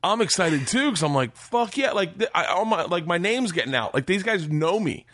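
A man in his forties telling a long story in casual podcast chat, profane and animated, his voice leaping up when he quotes himself. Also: high voice, a little fast, no room sound. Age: 40s. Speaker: podcast guest.

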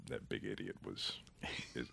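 A man's voice: rumbling low, steady tone, a little slow, creaky, bright, forceful tone, husky. A middle-aged man, an actor being interviewed, telling stories in a rambling, self-deprecating way. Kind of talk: casual interview chat.

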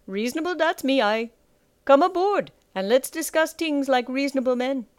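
A woman voicing a coarse-voiced male pirate captain who talks in a slow, mocking and menacing way. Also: a little high, clean tone, no echo, clean studio sound, voice pushed up, lightly acted. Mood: mocking menace.

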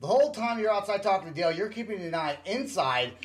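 Dude chiming in on a podcast, voice bounces around a lot, kinda high, lots of right and okay. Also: male voice, animated, fast. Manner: reactive, short interjections and follow-up questions, laughs along. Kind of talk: casual chat.

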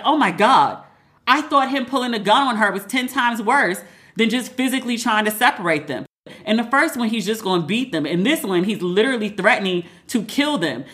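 A woman's voice: mid-range voice, fairly bright tone. A woman hosting a podcast, talking casually and emphatically, acting out both sides of a conversation with a friend. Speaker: podcast host. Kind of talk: casual solo podcast monologue.

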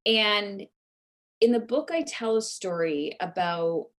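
A woman guest author telling a personal story in an interview, earnest and animated, with lots of "like" fillers. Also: mid-range voice, takes it slowly.

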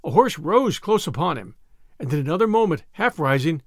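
A man reading a classic novel aloud as a dramatic, expressive audiobook narrator. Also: on the high side, brisk, no room sound, studio quality. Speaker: audiobook reader.

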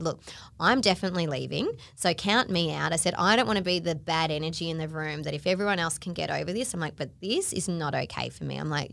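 On a podcast, a woman chats casually and tells a long, animated story, acting out the voices of the people she quotes and saying "like" a lot. Her pitch is fairly low with vocal fry, and there's no room sound.

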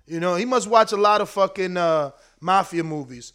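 Casting: high-pitched male streamer, fiery profane boxing rant, slangy. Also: fairly bright tone, clear, resonant tone. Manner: heated, profane, slangy, rapid. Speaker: boxing commentator, show host. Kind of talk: casual livestream rant.

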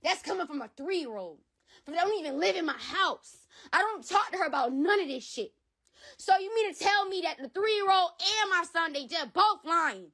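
Heated, high-voiced woman telling her story. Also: expressive, normal speed, sharp tone. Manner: heated, repetitive, swearing often. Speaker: interview guest. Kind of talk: emotional personal account.

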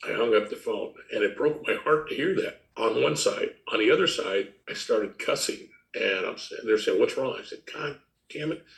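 A man's voice: on the low side, normal speed, gravelly, hardly any pauses, fairly bright tone, echoey room. An older man, a retired detective, recalling a long investigation in a plainspoken, matter-of-fact way. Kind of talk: interview recollection.

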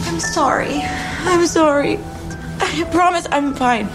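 An actress playing a frightened young wife who is crying and pleading. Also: female voice, sits high, slow pace, loud music behind the voice. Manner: pleading, breaking down. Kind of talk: film drama. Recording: film clip with loud score.

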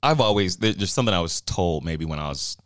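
A man in a casual chat, talking in a measured, reasoning way as he explains his view. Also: deep voice, lively intonation, dry recording, clean studio sound.

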